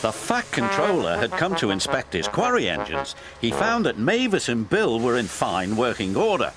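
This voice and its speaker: A man narrating a children's railway story in an expressive, sing-song way. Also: on the low side, measured pace, a little hiss or hum. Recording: loud music bed.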